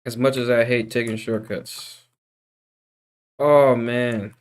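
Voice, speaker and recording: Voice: mid-range voice, steady tone, slow pace, clear, resonant tone. A streamer in a casual live-stream chat who vents with exasperation, groans and swears, and keeps calling viewers bro, dude and guys. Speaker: streamer teaching 3D character creation.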